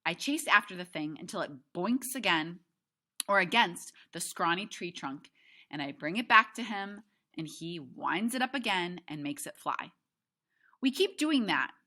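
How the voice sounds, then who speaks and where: A woman teacher reading a novel aloud to her class, expressive, with chatty asides to the students. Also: lowish voice, moderate pace.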